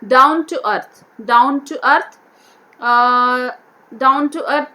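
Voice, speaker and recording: A woman teacher going through a vocabulary worksheet, repeating each word and slowly sounding out its syllables. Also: high voice, fairly even intonation, bright, forceful tone. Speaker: English teacher.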